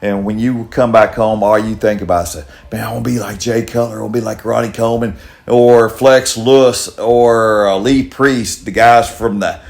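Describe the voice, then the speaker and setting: A man's voice: fairly low pitch, fairly even intonation, moderate pace, vocal fry. An older man with a Kentucky accent, hosting a casual podcast and telling long, rambling stories in a folksy way. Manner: rambling, repeats himself, folksy. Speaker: podcast host. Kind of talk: casual storytelling chat.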